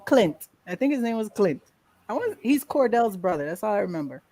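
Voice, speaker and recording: A woman guest in a casual interview, telling a lively story, acting out quotes and laughing often. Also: medium pitch, brisk. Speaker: podcast guest.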